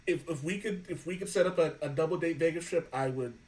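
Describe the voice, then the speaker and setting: A man hosting a podcast, telling animated stories in casual chat, swearing freely and laughing often. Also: on the high side, quick pace, far from the mic, poor audio. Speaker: podcast host.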